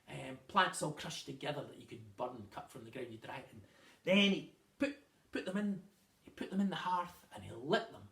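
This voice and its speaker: A man telling a children's story in a lively way, with dramatic pauses and repeated words, recorded in a roomy space from a distance. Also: fairly high pitch.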